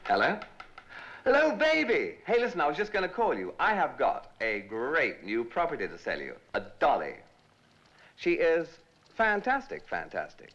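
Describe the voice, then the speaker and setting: An actor playing a glib, hustling pop music manager who talks in trendy slang, in a 1960s film. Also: male voice, low-pitched, huge pitch swings, normal speed, fairly bright tone, slightly rough, full character voice. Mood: schmoozing. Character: slick fast-talking male pop music manager. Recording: muffled old film soundtrack.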